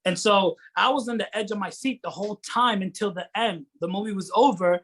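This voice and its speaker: His voice sits high with a fairly bright tone, and he talks briskly. This actor and filmmaker from Rhode Island, USA, is a guest in a relaxed interview, full of enthusiasm and rambling while he hunts for the right words.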